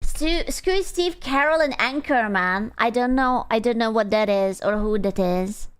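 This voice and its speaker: Slow-talking, teasing woman streamer. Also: on the high side, smooth. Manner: blunt, teasing and playful. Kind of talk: casual live-stream chat.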